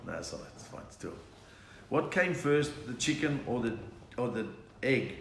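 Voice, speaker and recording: A South African man, a comedian, hosting a live online chat, telling quick-fire jokes and laughing at his own lines. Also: medium pitch, animated, echoey room, a little hiss or hum. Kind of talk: live stand-up joke session. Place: room at home.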